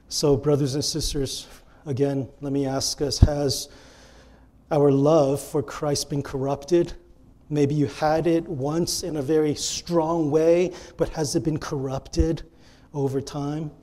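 A pastor preaching a sermon with earnest delivery, addressing the congregation and repeating key phrases for emphasis. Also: male voice, fairly high pitch, little pitch movement, takes it slowly, mellow.

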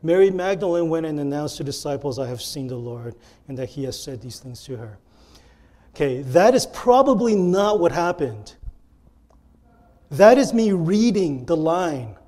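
A man's voice: a little high, expressive, moderate pace, mellow. A male pastor preaching a sermon and acting out the lines he quotes with earnest emphasis.

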